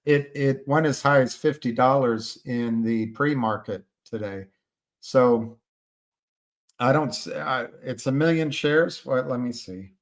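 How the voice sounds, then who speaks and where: Slow, rambling man on a livestream. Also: mid-range voice. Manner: rambling, hesitant, with many fillers and restarts; emphatic and indignant about short sellers. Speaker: stock-market livestream host. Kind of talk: casual livestream chat reading viewer comments.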